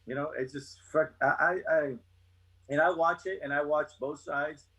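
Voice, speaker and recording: A man's voice: fairly high pitch, steady tone, normal speed, bright, forceful tone, breathy edge, poor audio. A man in his fifties, a retired soldier and podcast guest, ranting bluntly with constant swearing. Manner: blunt, heavy swearing, fired-up rant. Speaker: guest, retired Army chief warrant officer. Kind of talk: casual podcast chat.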